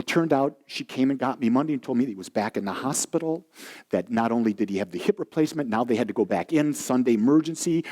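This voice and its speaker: A male minister giving a sermon, telling stories and acting out the voices of the people in them. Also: medium pitch. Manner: animated storyteller acting out quoted voices. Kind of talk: sermon with storytelling.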